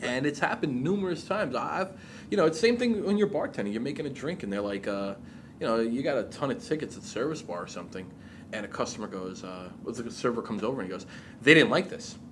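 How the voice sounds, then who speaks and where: A man in casual chat, telling stories in an animated way and swearing freely. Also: mid-range voice, fast, slight background noise.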